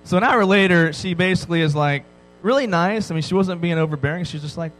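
A man's voice: high voice, quick pace, soft background music, rough recording. Joking male preacher telling a story. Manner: joking, animated storytelling with frequent "right?" asides. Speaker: pastor. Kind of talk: sermon to a youth audience.

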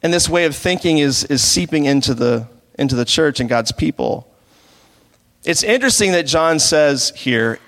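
A man delivers a sermon as a pastor, his voice sitting a little higher than most men's. He preaches conversationally and leans on rhetorical questions. His words ring out with a long reverb. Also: animated, normal speed, fairly bright tone.

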